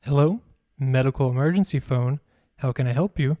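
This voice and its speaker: A brisk, matter-of-fact female doctor answers an emergency line, as a male narrator reads her part. Her lines come in his own mellow, low, flat voice, recorded close and dry. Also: clean tone, no echo, close to an everyday voice. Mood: businesslike.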